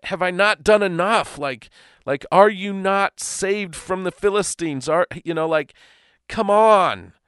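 A man's voice: high-pitched, a little slow, hardly any pauses, fairly bright tone, clear, resonant tone, no echo, clean studio sound, pitched above the performer's own voice. A man voicing an exasperated prophet who pleads with his people that he has done enough.

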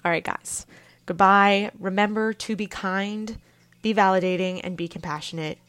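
A young woman hosts her own podcast in a casual, conversational voice of middling pitch. She tells a story with lively, unpolished energy, sometimes slipping into a laugh. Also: unhurried, smooth. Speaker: podcast host.

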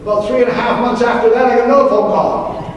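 A pastor preaches in a large hall or church, animatedly telling a story and acting out the quoted lines of the people in it. His voice is very high-pitched and quick, with a little hiss or hum. It's captured from far off in an echoey hall with faint ambience.

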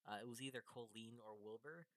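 A man's voice: medium pitch, quick pace, a bit bright, dry recording. A young man co-hosting a casual podcast over a call, goofy and jokey, often laughing at himself. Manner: goofy, jokey, self-deprecating. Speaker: podcast co-host. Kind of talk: casual chat.

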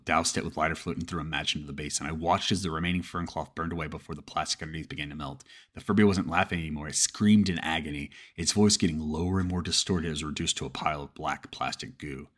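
A man with an extremely low, deep voice narrates a first-person horror story. He reads at a brisk clip in a steady way and now and then stumbles and restarts a word.

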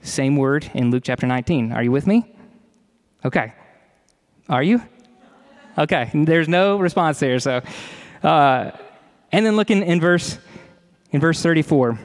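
A man preaching a sermon to his congregation, measured and conversational, slowing down to stress key words and adding casual asides. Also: on the high side. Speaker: pastor.

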